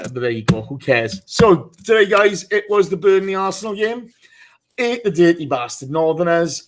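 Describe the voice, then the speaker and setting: Man, podcast host, chatty and teasing, slightly higher voice. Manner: chatty, teasing, greets listeners by name. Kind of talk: casual live podcast chat.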